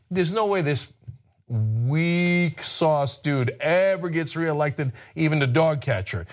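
Brief: male political host, fired-up and sarcastic, slightly high voice. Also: lively intonation, slow pace. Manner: combative and sarcastic, mocking voices. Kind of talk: heated political commentary.

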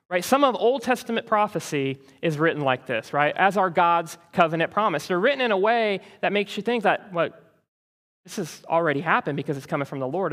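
High-voiced man preaching in a reverberant hall. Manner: animated, conversational preaching with frequent "right?" asides. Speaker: pastor. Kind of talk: sermon.

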